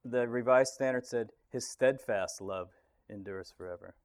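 A man leading a casual group Bible study, relaxed and thinking aloud, often chuckling. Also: mid-range voice, normal speed.

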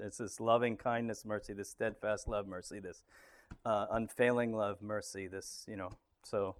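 A man leading a casual group Bible study, relaxed and thinking aloud, often chuckling. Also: mid-range voice.

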